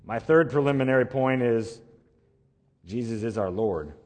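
A male pastor delivers a sermon in a middle-pitched voice, pressing hard on key words before sinking to soft, drawn-out phrase endings. His voice carries the long reverb of a large sanctuary. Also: expressive. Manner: dynamic preaching, rising emphases and dropping to quiet ends.

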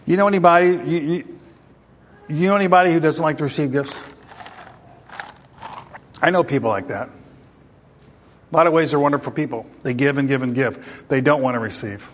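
High-voiced preacher in an echoing hall. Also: male voice, normal speed, long pauses. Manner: emphatic, with rhetorical questions to the congregation. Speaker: pastor. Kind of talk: sermon. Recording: long hall reverb.

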